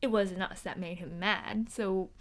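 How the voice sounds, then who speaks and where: A woman's voice: mid-range voice, steady tone, measured pace, close to an everyday voice. A woman playing a bubbly teenage girl at a hero school, telling a dorm story in a chatty, giggly way with many fillers. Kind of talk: in-character storytelling vlog.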